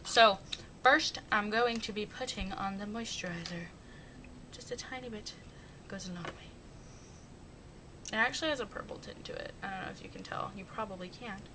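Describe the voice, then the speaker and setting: A young beauty vlogger chats casually through her makeup routine, rambling and joking at her own expense. She speaks at a normal speed with frequent pauses. The home recording is noisy, with a low rumble.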